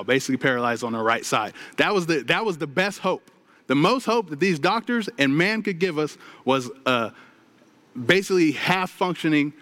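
A man's voice: fairly high pitch, fairly bright tone. A man preaching from a stage, telling a personal testimony with earnest storytelling and addressing the crowd directly. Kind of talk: sermon testimony.

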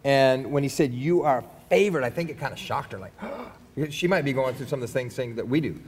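A man's voice: mid-range voice, lively intonation, a little fast, big-room sound, a little hiss or hum. A man preaching a sermon in a conversational, rambling way with many restarts. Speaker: pastor.

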